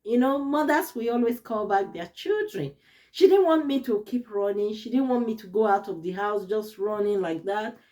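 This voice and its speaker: A woman vlogger telling a personal story to camera in an expressive, earnest, emotional way. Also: mid-range voice, normal speed.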